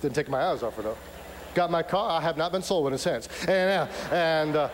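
A man's voice: a little high, a little fast. A man preaching a sermon, telling stories animatedly and acting out the voices of the people in them. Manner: animated storytelling with acted-out voices and shouts. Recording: echoey hall with faint hum.

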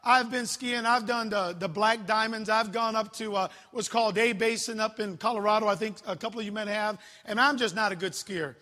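High, bright-voiced joking youth pastor. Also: male voice, brisk, few pauses. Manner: animated, joking storyteller. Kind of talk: sermon. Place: church. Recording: long hall reverb.

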